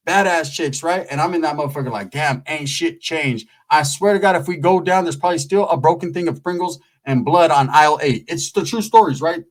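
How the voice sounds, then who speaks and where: A man telling a rambling street story in a profane, animated way, tagging his lines with "right?". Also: fairly high pitch, poor audio.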